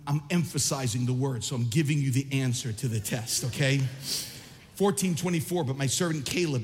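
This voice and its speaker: A man preaching a sermon as pastor, impassioned and shouting at his peaks, reading scripture aloud and quizzing his listeners. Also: fairly high pitch, in a large hall.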